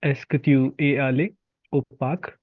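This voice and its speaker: A man's voice: mid-range voice, steady tone, measured pace. A man joins an online class as a student and tries out short answers in a polite, slightly hesitant way. His voice sits mid-range. The call line is thin and tinny, like a phone. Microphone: video call.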